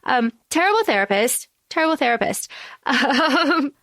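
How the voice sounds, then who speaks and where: A chatty woman co-hosts a podcast, talking in a fairly high voice. She swears casually and fills her talk with ums and likes, and the sound is close and dry. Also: animated, measured pace, fairly bright tone, dry recording. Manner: chatty, swearing, many fillers. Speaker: podcast co-host. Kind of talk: casual chat.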